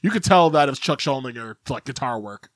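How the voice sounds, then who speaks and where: A man co-hosting a podcast, talking in a halting, filler-heavy casual way. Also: mid-range voice, expressive, no echo. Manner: hesitant, lots of uh and like fillers. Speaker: podcast co-host. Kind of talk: casual chat.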